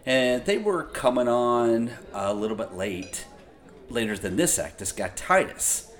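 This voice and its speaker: Male podcast host, mid-range voice, lively swings in pitch, casual and foul-mouthed griping. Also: unhurried. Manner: profane, ranting, exasperated storytelling. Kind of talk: casual monologue.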